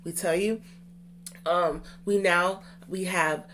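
A woman's voice: fairly low pitch, fairly even intonation, takes it slowly, fairly bright tone, slight background noise. Chatty young woman co-host. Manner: chatty, rambling with restarts and fillers. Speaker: podcast co-host. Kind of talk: casual podcast chat.

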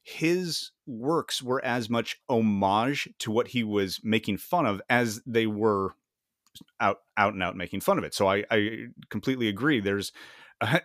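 A man's voice: fairly low pitch, a bit bright, dry recording, clean studio sound. A man co-hosting a podcast in casual chat, stumbling and repeating words and laughing often. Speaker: podcast co-host.

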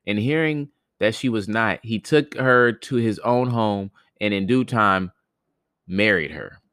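A man's voice: fairly low pitch, unhurried, a bit bright, dry recording, studio quality. A man hosting a podcast, reading a ghost story aloud with frequent stumbles and restarts, then retelling it in joking slang. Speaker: podcast host reading stories. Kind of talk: casual storybook reading with commentary.

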